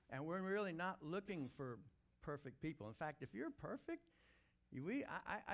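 A middle-aged man preaching a sermon as senior pastor, talking conversationally and building to emphatic peaks. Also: a little high.

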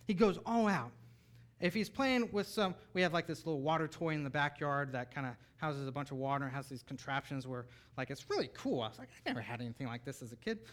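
A man in his thirties preaching a sermon as pastor, animated, swinging from soft asides to near-shouted bursts. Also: fairly high pitch, brisk.

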